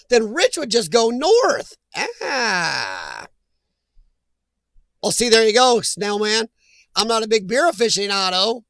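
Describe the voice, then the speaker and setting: Gravelly high-voiced chatty man. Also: bright, forceful tone, no echo. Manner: rambling, jokey, reacts to chat comments. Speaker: host of a live chat stream. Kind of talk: casual live-stream chat.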